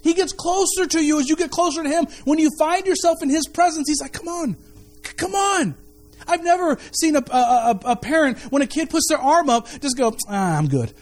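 A male pastor preaches an animated sermon, repeating key phrases and frequently restarting words mid-sentence. His voice is very high-pitched and brisk, with hardly any pauses.

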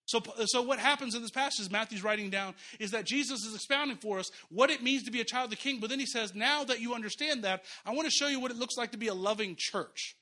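A man's voice: extremely high pitch, fast, few pauses, bright, forceful tone. A man preaching a sermon in a church, talking conversationally with chuckles and repeated phrases. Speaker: pastor.

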